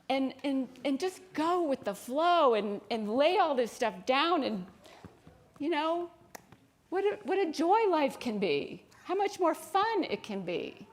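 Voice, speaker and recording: A woman with an American accent giving an informal sermon in a church, chatty and quick to laugh as she tells stories. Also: sits high, sing-song. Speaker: speaker at a spiritual center service. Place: church sanctuary.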